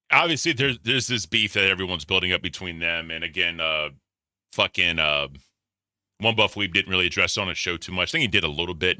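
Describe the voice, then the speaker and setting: Low, bright-toned male commentator, dry sound. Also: dry recording. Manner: offhand, opinionated, trails off into mutters. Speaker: commentary host. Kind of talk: casual commentary.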